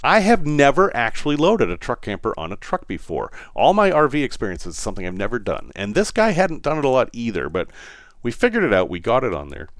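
A man's voice: medium pitch, huge pitch swings, fairly quick, no room sound, studio quality. A man with a Boston accent hosting a podcast, telling a story in a wry, self-deprecating way while in some pain. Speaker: podcast host. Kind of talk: casual storytelling monologue.

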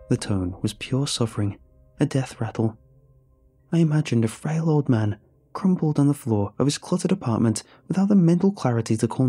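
Man narrating horror in a dark, husky voice. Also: medium pitch, dry recording. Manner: measured, suspenseful delivery. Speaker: storyteller. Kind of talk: scripted first-person horror narration.

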